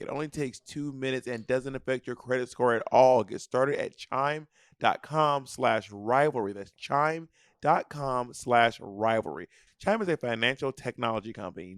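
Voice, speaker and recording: A man's voice: medium pitch, dry recording, studio quality. A man in his thirties co-hosting a podcast, reading sponsor ads casually with jokey asides. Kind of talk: casual ad read.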